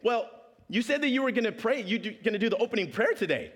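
Guy doing a sweet pushy high school girl, high and bouncy, echoey hall. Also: expressive, fast, a bit bright. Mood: breezy insistent. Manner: sweet, breezy, insistent. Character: persistent cheerful teenage girl classmate. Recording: long hall reverb.

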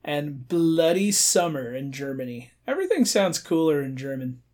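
A man's voice: a little high, big pitch swings, normal speed, a little mellow. A man co-hosting a podcast, giving casual commentary on a movie with dry, observational remarks. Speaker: podcast co-host.

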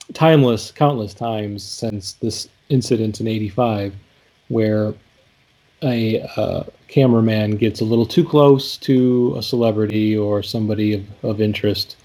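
Guy with a warm mellow voice, chatty and rambly, lots of ums while breaking down lyrics. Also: lowish voice, measured pace. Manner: thoughtful, rambling with fillers and restarts. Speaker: podcast co-host discussing song lyrics. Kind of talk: casual chat.

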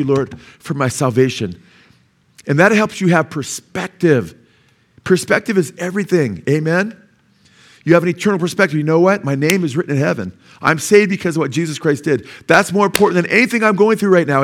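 Man preaching, calling out "Amen?". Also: fairly high pitch. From United States. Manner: asks the congregation "Amen?" often, acts out voices of doubters. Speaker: pastor. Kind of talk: sermon.

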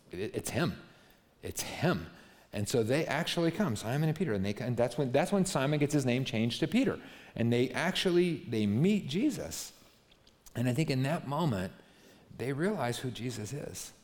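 A man's voice: mid-range voice, a little mellow. A pastor giving a chatty, story-driven sermon who keeps checking in with the listeners and acts out the lines of the people in his story. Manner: conversational storytelling, keeps asking "right?", acts out quotes. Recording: long hall reverb.

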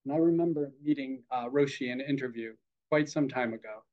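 A man who teaches Zen, giving a dharma talk in a reflective, hesitant way, with many fillers and gentle humor. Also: mid-range voice, a little fast. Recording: dull lo-fi podcast audio.

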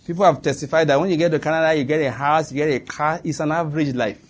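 Speaking fast with fairly even intonation, this pastor's slightly high male voice delivers a sermon of forceful, repetitive declarations and occasional bursts of laughter. The congregation in the church responds to him.

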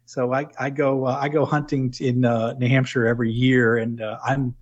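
A man's voice: mid-range voice, little pitch movement, fairly quick, dull audio. A middle-aged man from New England with no regional accent, reflecting at length in an interview, with many restarts and "you know" fillers. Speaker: guest, former corporate plant manager. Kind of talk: conversational interview.

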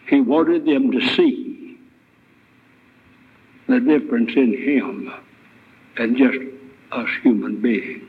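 A man's voice: mid-range voice, slow pace, long pauses, breathy edge. A man preaching a sermon as guest speaker, retelling scripture with emphatic rhetorical questions. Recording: tinny, phone-like lo-fi recording.

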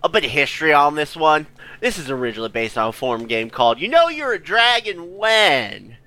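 A crude, sarcastic co-host in a loose podcast chat. The voice is bright and forceful, with pitch that moves around a lot. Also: very animated, a little fast.

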